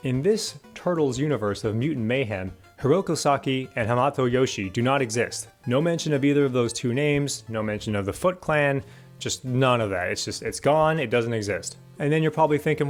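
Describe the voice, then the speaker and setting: A man's voice: medium pitch, fairly quick, faint music behind. Male reviewer, mid-range voice, dry sarcastic complaints, casual delivery. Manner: exasperated, sarcastic ranting. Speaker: movie reviewer. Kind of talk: casual spoken film review.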